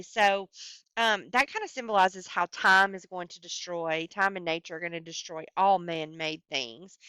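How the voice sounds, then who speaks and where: A woman explaining a poem in a screencast lecture, speaking slowly and haltingly with many fillers. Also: on the low side, bright, forceful tone, clear, resonant tone, no room sound. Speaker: teacher.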